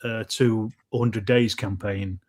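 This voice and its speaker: A man's voice: fairly low pitch, fairly even intonation, slow, a little mellow. A man co-hosting a podcast, chatting casually and hesitantly about his projects with many restarts. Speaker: podcast co-host. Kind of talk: casual chat.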